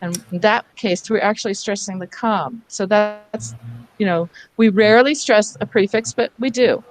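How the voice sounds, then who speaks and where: A woman's voice: medium pitch, moderate pace. A woman leading a teacher workshop on reading over a video call, patiently sounding out words syllable by syllable. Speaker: reading instructor.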